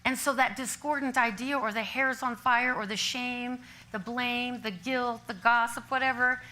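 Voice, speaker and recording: An older woman preaches at a church service with a bright, forceful voice pitched a little high. She tells her stories in an animated way, laughing often as she goes. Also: normal speed, rough recording. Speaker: minister. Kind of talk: sermon.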